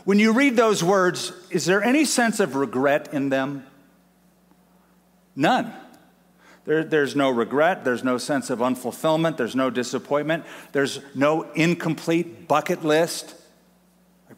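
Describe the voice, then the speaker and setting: A male pastor delivers an emphatic sermon in a fairly high voice, pausing for effect and repeating key lines. His words ring out with a long reverb, as if filling a large sanctuary. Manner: emphatic preaching with dramatic pauses and repetition.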